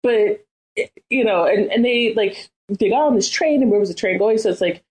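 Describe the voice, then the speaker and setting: A woman's voice: medium pitch, moderate pace, a little mellow, low-quality recording. A woman co-hosting a casual podcast, ranting with exasperation about a cartoon's plot holes. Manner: exasperated, ranting, acting out characters in quotes. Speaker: podcast co-host. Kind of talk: casual chat.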